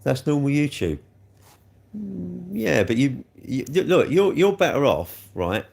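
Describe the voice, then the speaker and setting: A man's voice: on the high side, very animated, measured pace, vocal fry, a little mellow, slightly rough. A man streaming live, rambling and repeating himself as he talks straight to viewers about their comments. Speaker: livestreamer.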